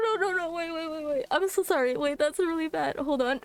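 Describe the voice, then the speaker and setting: A woman's voice: sits high, fairly quick, faint music behind. A woman cosplay streamer on a live game reaction stream, tearful and flustered, apologizing and laughing between her words. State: tearful, emotional.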